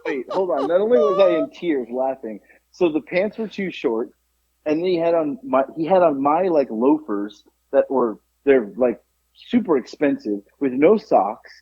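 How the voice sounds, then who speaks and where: A man's voice: a little high, expressive, moderate pace, breathy edge, no echo. A middle-aged man co-hosting a podcast, telling a funny story in casual chat, swearing and laughing often. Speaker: podcast co-host. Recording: dry, dull lo-fi sound.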